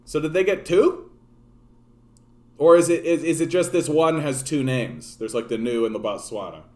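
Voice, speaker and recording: A man's voice: a little high, moderate pace, a little mellow. A man from Canada hosting a casual political livestream, ranting in a profane, sardonic, rambling way and answering his chat. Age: adult, grown since his younger days. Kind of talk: casual rant to live chat.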